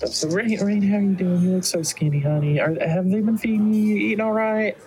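A man voicing a doting, excitable elven mother in a high falsetto, fussing over her son. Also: fairly quick, natural voice. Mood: fussing tender. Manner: shrieking falsetto, gushing and smothering.

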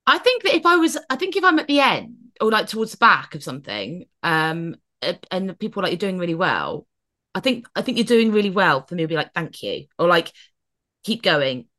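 A woman's voice: lowish voice, sing-song, brisk, pushed and bright. A woman co-hosting a podcast in casual chat, playful and swearing freely as she acts out mock rants. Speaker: podcast co-host.

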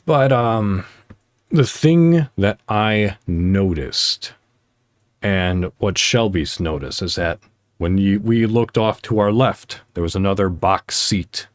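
A man's voice: lowish voice, slow, dry recording, studio quality. A man hosting a casual solo podcast, talking in a rambling, heartfelt way with many fillers and restarts. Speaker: podcast host.

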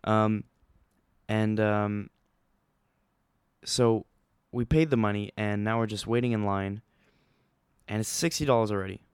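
A man's voice: lowish voice, unhurried, pauses often, smooth, no echo, clean studio sound. Young man telling a rambling story. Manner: rambling, excitable, many fillers and restarts. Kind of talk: casual storytelling vlog.

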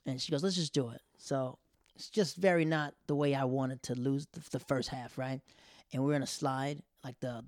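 A young man casually telling a personal story, acting out quoted lines with sudden loud high bursts and dropping to near whispers for embarrassed asides. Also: no echo, clean studio sound.

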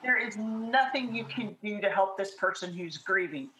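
A woman from the American South co-hosting a faith podcast, chatting in an animated, encouraging way and laughing easily. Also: mid-range voice, normal speed, roomy sound, low-quality recording. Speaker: podcast co-host. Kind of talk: casual faith chat.

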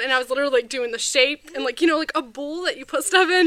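A woman co-hosting a podcast, telling a story in a lively way and acting out what people said. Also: sits high, quick pace, no echo. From not from the US South. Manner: animated, acts out quotes. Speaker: podcast co-host. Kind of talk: casual storytelling chat.

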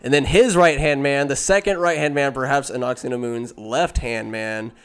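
A man's voice: mid-range voice, fairly even intonation, normal speed, a bit bright, smooth, faint music behind. A man giving a rambling comic movie recap, full of jokey asides and self-interruptions.

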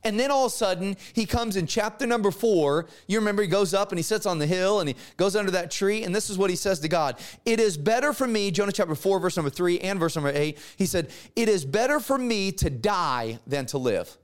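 A man teaching a Bible class in a casual, animated way, retelling stories with slangy asides and acted-out characters. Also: high voice, fast talker, few pauses.

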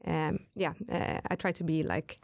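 Woman rock singer, lower voice, casual chat, fillers and restarts, dry close sound. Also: moderate pace, vocal fry, no echo. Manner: relaxed, chatty, many fillers and restarts. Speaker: rock singer, interview guest.

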